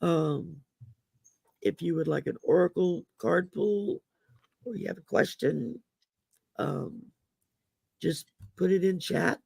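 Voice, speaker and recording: A woman hosting a casual livestream chat, her voice growly from damaged vocal cords, rambling and halting with many fillers. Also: fairly low pitch, expressive, vocal fry, darkish tone, slightly rough, no echo. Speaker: host.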